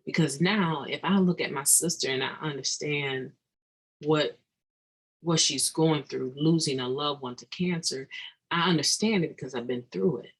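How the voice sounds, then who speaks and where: A recovery meeting speaker giving an earnest, reflective daily meditation talk, halting and restarting mid-thought with sudden emphatic bursts. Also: mid-range voice, slightly rough, rough recording.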